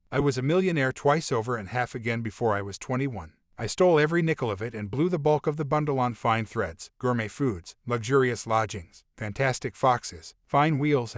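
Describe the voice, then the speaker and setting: A male audiobook narrator with a voice that sits in the middle of the range, neither high nor low. He reads a first-person memoir steadily and with a wry edge. The recording is close and dry, with no room sound. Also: dry recording.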